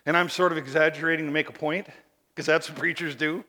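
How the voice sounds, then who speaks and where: A man preaching a sermon, telling a story with lively energy and asking the congregation rhetorical tag questions. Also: fairly high pitch, fast talker, in a large hall.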